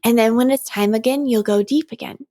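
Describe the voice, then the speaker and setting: A woman's voice: a little high, a little fast, mellow, no echo. A woman hosting her own podcast as a coach, talking earnestly and animatedly about her month, often laughing between thoughts. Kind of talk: reflective solo podcast talk.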